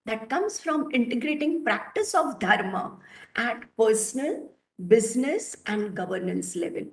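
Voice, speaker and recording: A woman with an Indian English accent tells a moral story slowly and earnestly, her voice a touch high. Her words ring in a roomy, echoey space over a webinar call. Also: expressive, gravelly. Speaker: webinar speaker. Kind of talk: storytelling talk.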